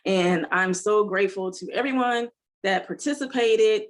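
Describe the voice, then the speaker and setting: A woman's voice: medium pitch, moderate pace. Woman guest, heartfelt, rambling, filler-heavy conversational storytelling. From United States. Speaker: entrepreneur guest. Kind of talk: emotional conversational interview.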